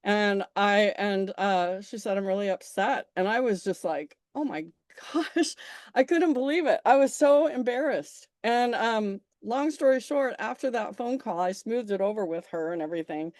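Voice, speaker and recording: A woman's voice: mid-range voice, normal speed, few pauses, a little mellow, dry recording, studio quality. A woman presenting a small business marketing workshop, telling stories in a chatty, emphatic way, often restarting her sentences. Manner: chatty storyteller, frequent restarts and self-corrections; emphatic, coaxing. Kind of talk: informal workshop talk.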